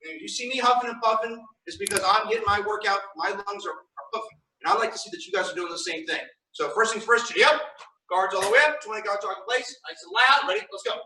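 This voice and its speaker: A young man teaching a martial arts class online, firmly giving orders and counting warm-up drills aloud. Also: very high-pitched, very animated, fast, gravelly, a little hiss or hum. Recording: echoey room, mic far off.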